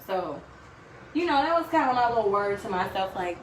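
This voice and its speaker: A woman's voice: medium pitch, lively intonation, moderate pace. A woman hosting a home cooking show, telling chatty stories with laughs and asides to her viewers. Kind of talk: casual storytelling while cooking. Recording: echoey room with faint background noise.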